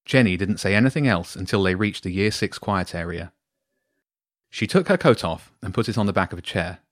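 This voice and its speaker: A man reading his own bedtime story aloud to two boys, with a lively, expressive delivery. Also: sits low, brisk, dry recording, clean studio sound.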